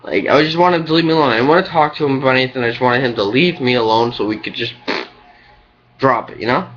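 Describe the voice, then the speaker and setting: A man's voice: medium pitch, fast, fairly bright tone. A young man who works as a cook, venting to his webcam in a rambling, frustrated way, full of "like" and "you know". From United States. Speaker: restaurant cook. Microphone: webcam mic. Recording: dull lo-fi webcam audio.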